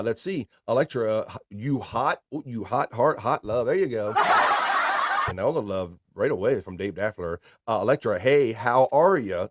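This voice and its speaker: A man hosting a casual live stream, reading viewer comments aloud with playful shout-outs. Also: mid-range voice, dry recording, studio quality. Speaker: livestream host.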